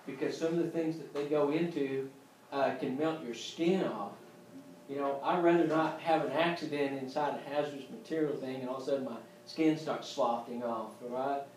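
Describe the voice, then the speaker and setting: A man's voice: on the high side, darkish tone, echoey room, a little hiss or hum, poor audio. A man teaching an EMT class in a casual lecture style, joking and acting out scenes as he goes. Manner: joking, acts out scenes with voices. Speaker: EMT instructor.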